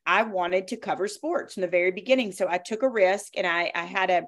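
A woman's voice: on the low side, fairly quick. Emphatic woman telling stories in an interview. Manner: emphatic, animated storytelling. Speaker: guest, former sportscaster. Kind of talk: conversational interview.

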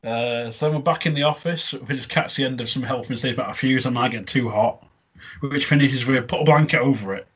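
A man with a husky, slightly raspy voice talks in an easy, chatty way, breaking into laughs as he recaps scenes. His pitch sits in an ordinary middle range, and the recording sounds dull and lo-fi. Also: fairly quick, a bit bright. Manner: chatty, laughing often, quoting lines in funny voices. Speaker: podcast co-host reviewing a comedy episode. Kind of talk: casual recap chat.

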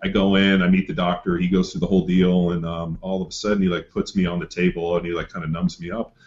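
A middle-aged man telling a story in casual chat, profane and animated. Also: sits low, fast talker. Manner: profane, animated, acts out quoted voices. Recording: slightly dull lo-fi audio.

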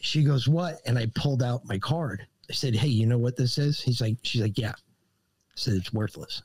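A man talks as a podcast guest, telling a long story in a loose, profane way. He swears freely and jokes as he goes. His pitch sits in the middle for a man. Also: normal speed, darkish tone, breathy edge. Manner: profane, joking anecdotes. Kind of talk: casual storytelling.

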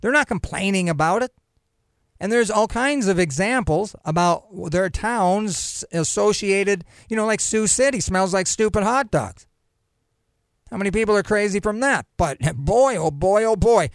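A man's voice: high-pitched, lively intonation, normal speed, smooth, no echo, clean studio sound. A man hosting a podcast on his own, joking and rambling as he reads news items aloud and wanders off into asides. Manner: rambling, joking, self-interrupting. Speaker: podcast host. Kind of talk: casual solo commentary, reading news aloud.

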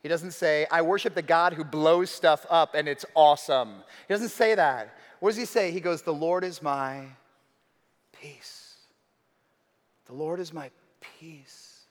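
A man preaching a sermon as pastor, dramatic, moving between hushed lines and emphatic ones. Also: fairly high pitch. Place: church hall. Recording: reverberant hall.

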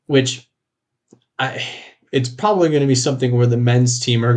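A man co-hosting a casual podcast, rambling through his points with plenty of restarts and false starts. He laughs easily and keeps things conversational, in a middle-pitched voice. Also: normal speed, darkish tone. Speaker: podcast co-host. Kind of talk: casual chat.

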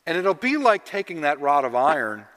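A man preaching a sermon, telling stories and swinging between loud emphasis and hushed asides. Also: on the high side, sing-song, moderate pace. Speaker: pastor. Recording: long reverb of a large hall.

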